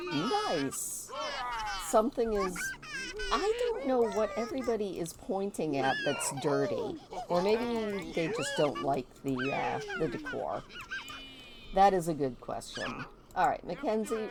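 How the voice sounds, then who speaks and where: A woman giving casual let's-play commentary as she plays a life-simulation game, chatty and curious, often amused. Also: on the low side. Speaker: gaming video host.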